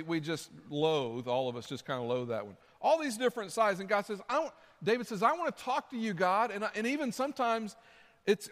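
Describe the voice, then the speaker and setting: A man's voice: high-pitched, fairly bright tone, big-room sound. A man preaching a sermon as pastor, earnest and conversational, repeating his phrases. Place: church sanctuary.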